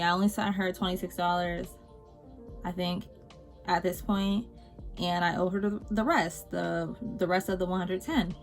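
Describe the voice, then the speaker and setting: A young woman vlogger telling a storytime while doing her makeup, animated and swearing freely, swinging between loud exasperation and low muttered asides.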